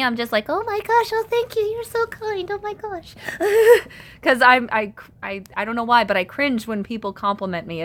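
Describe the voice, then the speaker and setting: A woman hosts a casual live stream from her home and reads viewer comments aloud before answering them. Her voice is bright and sits at a middle pitch. She talks in a chatty, self-conscious way and laughs often.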